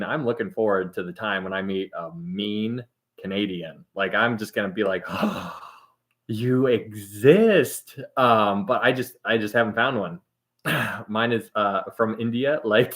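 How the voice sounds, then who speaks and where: A man's voice: fairly low pitch, sharp tone. A man hosting a casual livestream and reading out viewer comments. He rambles, laughs often and trails off mid-sentence. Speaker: livestream host.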